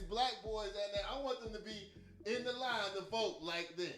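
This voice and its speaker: A man giving blunt, profane, emphatic political commentary to his audience, laughing at his own jokes. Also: high voice. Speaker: commentary host.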